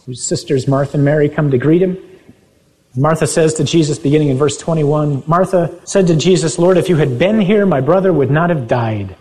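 A man's voice: mid-range voice, a little mellow, rough recording. A man preaching a sermon, reading scripture aloud and driving his points home with sudden emphatic rises. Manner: reads scripture aloud with emphatic, rising exclamations.

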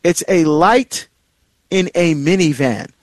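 A middle-aged man with a somewhat high voice, heard in a dry, close recording with no room sound. He hosts a marriage series and tells a personal story in a loose, rambling way. His talk is full of fillers and restarts, and his pitch leaps up sharply when he stresses a point. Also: slow, dry recording.

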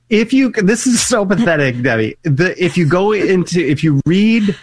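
A man's voice: high voice, moderate pace, no echo, clean studio sound. A middle-aged man co-hosting a radio talk show, chatting casually and mocking himself with frequent laughter. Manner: animated, laughing often, self-mocking. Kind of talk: casual chat.

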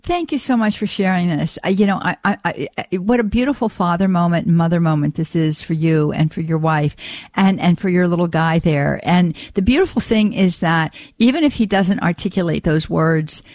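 A woman's voice: lowish voice, normal speed, darkish tone, dry recording. A woman hosting a Catholic call-in radio show, effusive and full of praise, with frequent restarts and repeated words.

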